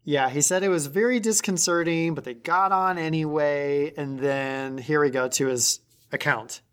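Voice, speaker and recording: A woman co-hosting a podcast in casual chat, telling stories animatedly. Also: normal speed. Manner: animated storyteller, jumps high on excited lines. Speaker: podcast co-host.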